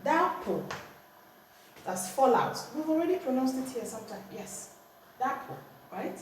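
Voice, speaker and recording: A woman's voice: high-pitched, expressive, moderate pace, a little mellow. A woman with a Nigerian accent teaching a language lesson at home, firmly correcting and repeating words with exaggerated tones. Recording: echoey room, distant mic, faint noise.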